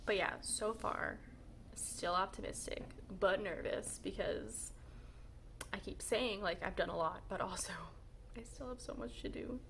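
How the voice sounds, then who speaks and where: Chatty young woman with vocal fry. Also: medium pitch, unhurried, fairly bright tone, slight background noise. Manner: chatty and rambling, lots of "like" and little laughs. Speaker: writer vlogging her novel progress. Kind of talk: casual vlog chat. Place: at home.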